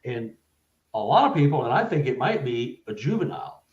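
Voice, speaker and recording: A man, a guest author on a live interview, telling personal stories with halting restarts and growing animation. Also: medium pitch, roomy sound, highs cut off. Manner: halting, stuttered restarts, animated when retelling events. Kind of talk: casual storytelling in a live interview.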